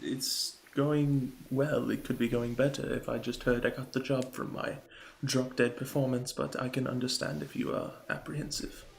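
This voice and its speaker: A man voicing a polite young woman bard who talks in a courteous, measured way. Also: medium pitch, flat delivery, creaky, a little hiss or hum, lightly acted.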